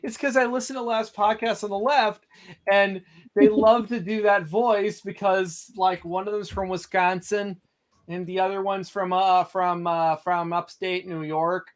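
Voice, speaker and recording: A man's voice: sits high, level tone, unhurried. A man chatting casually on a livestream about his comic art, rambling and joking at himself. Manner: rambling, self-mocking, trailing off. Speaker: comic artist.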